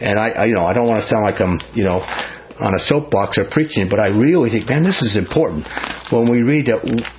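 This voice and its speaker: A man's voice: on the low side, expressive, slight background noise. Man teaching scripture, dull lo-fi sound. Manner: reads scripture slowly, then talks in a heated, emphatic way. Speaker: Bible teacher. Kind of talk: Bible study teaching.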